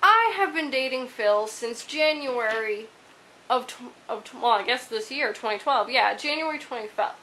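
A woman's voice: a little high, lively intonation, moderate pace, pushed and bright, low-quality recording. A woman talking casually to camera in a vlog, stumbling and restarting her words.

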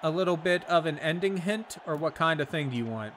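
A man's voice: a little high, expressive, fairly quick, a bit bright, slight background noise. Laid-back profane male streamer. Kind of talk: casual chat while gaming.

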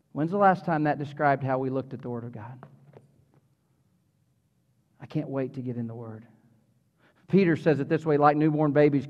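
A middle-aged man, a pastor, preaching a sermon in a church, animated and conversational with humorous asides to the congregation. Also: fairly high pitch. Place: church sanctuary. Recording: reverberant hall, slightly dull sound.

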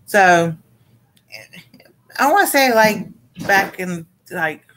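A woman casually recapping a cartoon episode for a panel show, rambling and halting with many fillers. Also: mid-range voice, animated, background noise.

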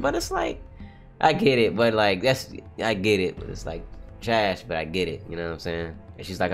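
A young man streaming a live read-along reaction, swearing freely and swinging from low mutters to high shouted outbursts. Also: big pitch swings, normal speed, faint music behind. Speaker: streamer reacting to a manga chapter.

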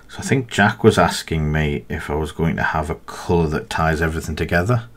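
Low husky man thinking aloud. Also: fairly quick. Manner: thinks aloud, rambling and half-mumbled. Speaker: miniature painting streamer. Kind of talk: casual live-stream chat while painting.

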